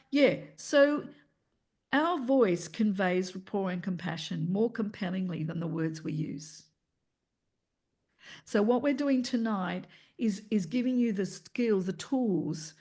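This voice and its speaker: A woman, leading an online voice workshop in an energetic, encouraging way and demonstrating vocal tones as she teaches. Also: medium pitch, gravelly. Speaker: voice coach running an online workshop.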